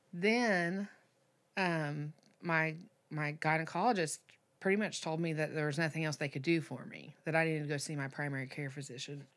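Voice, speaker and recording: A woman in her thirties, a podcast guest telling a personal story candidly, with halting restarts and fillers. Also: sits low.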